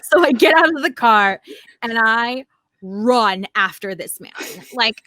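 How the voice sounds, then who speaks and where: A woman in her thirties co-hosting a casual nostalgic chat, telling an animated story full of fillers and acted-out quotes. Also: fairly high pitch, slow, no room sound. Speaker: podcast co-host.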